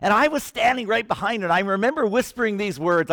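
A man preaching a sermon with passion, swinging from hushed lines to shouting. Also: high voice, lively intonation, fast, dry recording, studio quality.

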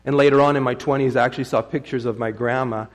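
A man's voice: mid-range voice, steady tone, fast. A middle-aged man preaching a sermon in a folksy, conversational way, weaving in personal stories and tossing rhetorical questions to the congregation. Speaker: pastor.

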